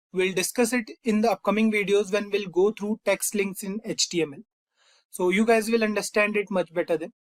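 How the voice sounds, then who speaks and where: A man's voice: sits high, no room sound. A man teaching a screen-recorded coding tutorial, explaining step by step and addressing viewers as "you guys". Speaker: coding instructor.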